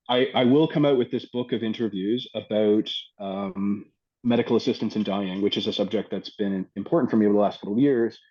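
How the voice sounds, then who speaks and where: A man from Canada, a poet and filmmaker, talking thoughtfully in an interview with frequent ums and pauses. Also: fairly low pitch, highs cut off. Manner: reflective, hesitant with many ums. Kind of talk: casual interview talk.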